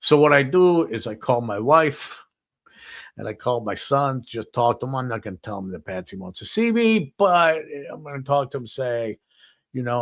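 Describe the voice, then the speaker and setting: Brief: male talk host spinning a crude story, average pitch, lively delivery. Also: moderate pace. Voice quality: animated, profane storytelling with many "he goes". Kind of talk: anecdotal storytelling on a talk show.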